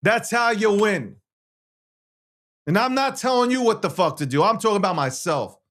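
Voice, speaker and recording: A man's voice: high-pitched, expressive, normal speed, fairly bright tone. A man hosting a show, ranting to viewers on a livestream in a brash, profane, boastful way, repeating phrases and firing rhetorical questions. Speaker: show host.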